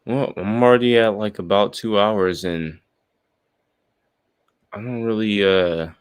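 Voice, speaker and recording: A young man with a notably deep, low voice drifts through a loose, rambling sign-off to his stream, swearing freely. He sounds high and unhurried, recorded close and dry with no room around him. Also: steady tone, clean tone, no echo. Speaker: live streamer. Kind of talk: casual stream sign-off chat.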